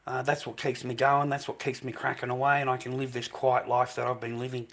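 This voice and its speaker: A man's voice: medium pitch, completely flat delivery, a little fast, fairly bright tone. Profane older Australian man ranting. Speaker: vlogger. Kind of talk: rambling casual monologue to camera.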